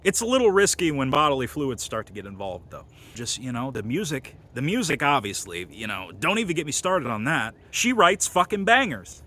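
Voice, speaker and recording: A man talks through a rambling, crude comic monologue, full of fillers and deadpan boasts. His voice is bright and a little sharp-edged. He sounds like he is hosting his own video. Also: medium pitch, brisk, hardly any pauses. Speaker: comedy video host.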